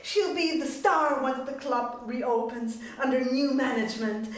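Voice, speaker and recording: A woman's voice: sits high, a little slow. A woman playing a gushing, lovesick schemer. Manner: gushing, pleading. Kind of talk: staged reading of a musical. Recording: echoey room from far off.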